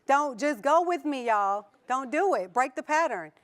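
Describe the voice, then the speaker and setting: Her pitch is high, her intonation lively, and she never rushes. She's a keynote speaker with a Southern US accent, giving a motivational conference talk to an audience in a hall, joking around, laughing often, and putting questions to the room.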